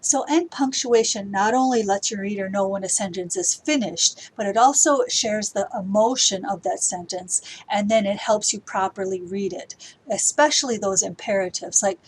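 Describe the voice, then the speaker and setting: A woman's voice: mid-range voice, moderate pace, a little hiss or hum, low-quality recording. A woman teaching writing to middle schoolers, explaining step by step while she edits. She sometimes reads the example sentences aloud with acted emotion. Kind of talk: recorded grammar lesson for middle schoolers.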